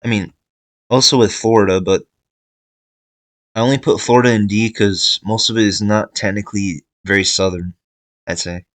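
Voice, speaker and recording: Young guy talking thru a tier list, kinda low voice, dry mic, lots of um like I'd say. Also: fairly even intonation, moderate pace, pauses often, no room sound, rough recording. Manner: hesitant, thinking aloud with fillers and restarts. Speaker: video creator ranking states. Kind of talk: casual tier-list commentary.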